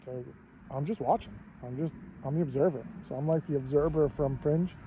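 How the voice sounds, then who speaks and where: A man's voice: fairly high pitch, fairly quick, mellow, slight background noise. A man in his fifties giving a profane, rambling monologue full of rhetorical questions. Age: 50s. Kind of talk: casual ranting monologue. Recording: dull lo-fi sound.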